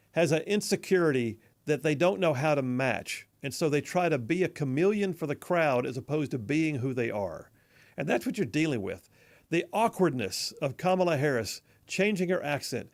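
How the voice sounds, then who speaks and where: A man hosting a conservative talk radio show in a studio, mocking and animated, stretching words for emphasis. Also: a little high, creaky. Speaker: radio host. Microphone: studio mic.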